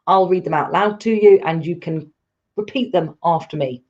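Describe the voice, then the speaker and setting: A woman's voice: fairly low pitch, normal speed, darkish tone, muffled recording. A woman teaching a live online English lesson, patient and encouraging as she explains step by step.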